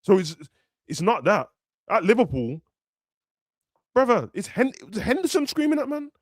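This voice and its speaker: A young man with a slightly high voice chats about football in quick slang, often jumping into raised voices to play footballers. The sound is close and dry. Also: no echo. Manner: animated, slangy, acts out players in raised voices. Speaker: football podcast host. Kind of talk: casual football chat.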